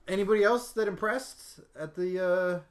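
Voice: medium pitch, moderate pace. A podcast host chatting casually, teasing and playing the straight interviewer. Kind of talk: casual chat.

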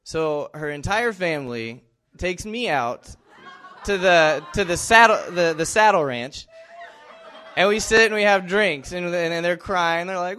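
A man's voice: a little high, a little slow. Guy telling a comic story about his ex, swears a bit, does the voices. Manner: animated, acts out quoted voices, swears.

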